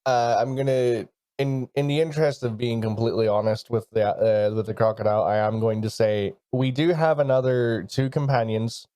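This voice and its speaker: A man plays a tabletop game, speaking courteously in character and often stumbling over his words. His voice is low and mellow. The sound is dry and close. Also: steady tone, no echo. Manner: polite, halting, many restarts in character. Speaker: player.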